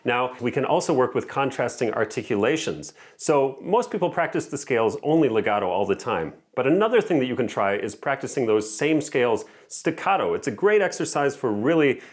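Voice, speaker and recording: A man teaching piano, explaining practice methods in a clear, methodical way and calling out rhythm examples. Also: mid-range voice, sing-song, fairly quick, few pauses. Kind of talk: instructional lesson. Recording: faint piano music in background. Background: piano playing between explanations.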